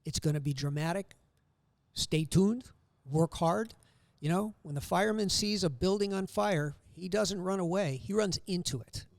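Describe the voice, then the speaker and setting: Gravelly older man telling stories. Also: high voice, normal speed, dry recording. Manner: joking, upbeat storyteller. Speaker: guest loan officer. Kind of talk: casual podcast storytelling.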